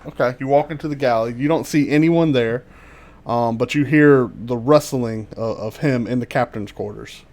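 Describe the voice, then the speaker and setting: Male game master, mid-range voice, halting delivery with many fillers, heard over a voice call. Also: mid-range voice, a little mellow. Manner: halting, full of ums and restarts. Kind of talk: narrating a tabletop game.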